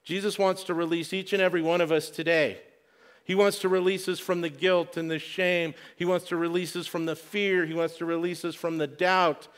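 A man preaching a sermon, earnest, restarting and repeating words, dropping to a hush for quoted prayer. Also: fairly high pitch, little pitch movement, brisk, clear, resonant tone. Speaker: pastor.

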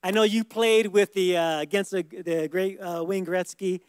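A man's voice: high-pitched, fairly even intonation, normal speed, clean tone, dry recording. A man hosting at a church service, upbeat and chummy as he questions a guest and hands over the stage. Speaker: church host. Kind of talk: casual interview with guest.

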